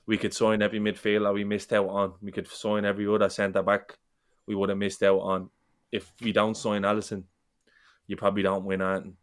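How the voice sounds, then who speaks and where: Guy ranting about football on a podcast, lowish flat voice, swears a lot. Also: fairly quick. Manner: passionate, sweary, repeats words. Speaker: podcast co-host. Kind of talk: casual football podcast chat.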